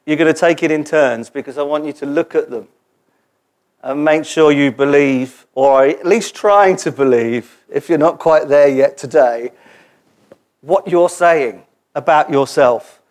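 A man preaching a sermon in a church gathering, animated and joking as he leads the congregation in call-and-response. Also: fairly high pitch, a little slow.

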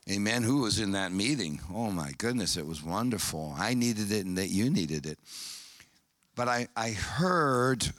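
A man preaching a sermon, telling a story with excited high bursts and hushed, solemn passages. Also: no room sound, clean studio sound.

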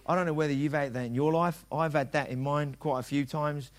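A man's voice: a little high, steady tone, fairly quick. A middle-aged man preaching a sermon as a pastor, talking conversationally and acting out dialogue in quoted voices.

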